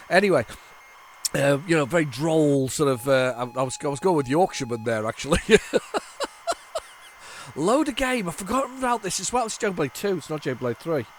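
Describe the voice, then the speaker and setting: A man's voice: on the high side, slight background noise. A man hosting a retro gaming video, rambling chattily with many fillers and restarts as he shows old game tapes. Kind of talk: casual chat while showing old game tapes.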